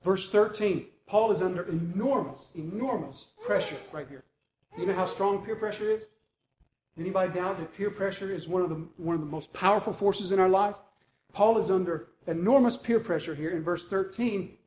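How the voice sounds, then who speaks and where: A man preaching a sermon as pastor, animated and emphatic, with rhetorical questions. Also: high-pitched, normal speed, a little hiss or hum, rough recording.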